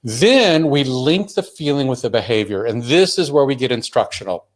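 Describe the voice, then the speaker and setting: A man's voice: mid-range voice, lively intonation, moderate pace. An earnest man in the middle of an instructional talk. He lays out his points step by step, often restarting a sentence mid-thought as he explains. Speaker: webinar presenter on emotional learning.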